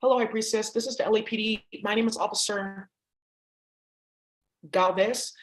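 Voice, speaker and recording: A woman voicing a police officer who introduces himself in a flat, official tone. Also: medium pitch, normal speed, natural voice, rough recording.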